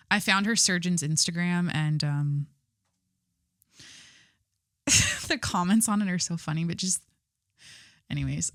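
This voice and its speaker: Bright, rambling young woman podcast host. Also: on the low side, dry recording, clean studio sound. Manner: rambling, heavy use of "like", swearing, self-mocking. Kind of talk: casual chat.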